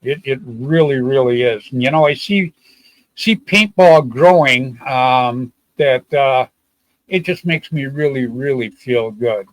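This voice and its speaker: A man's voice: medium pitch, a little slow, no room sound, poor audio. An older man hosting a casual live-stream chat, rambling and folksy, often repeating himself. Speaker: show host.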